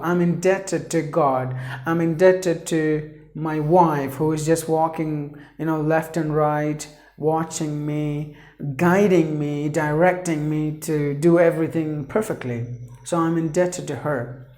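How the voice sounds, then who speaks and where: A man's voice: a little high, fairly even intonation, measured pace, a little mellow, reverberant. A man teaching a pronunciation lesson, repeating each word several times and drawing it out for drilling.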